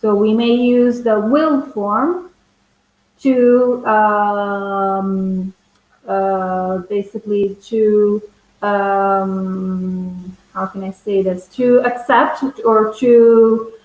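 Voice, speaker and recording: A woman teaching a business English lesson, explaining slowly with many pauses, fillers and restarts. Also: mid-range voice, darkish tone, echoey room, low-quality recording.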